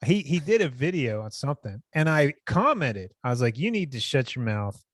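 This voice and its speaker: A man's voice: medium pitch, moderate pace, no echo, clean studio sound. Blunt, profane male podcast co-host. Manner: blunt, profane, animated when mocking others. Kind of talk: casual chat.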